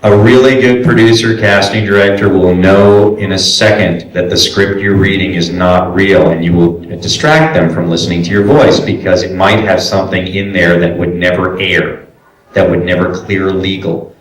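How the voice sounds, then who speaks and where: A man from Brooklyn, New York gives chatty explanations at a convention panel on voice acting, with lots of fillers. His low-pitched voice keeps a fairly even intonation at normal speed, and the large, echoey room makes it sound distant.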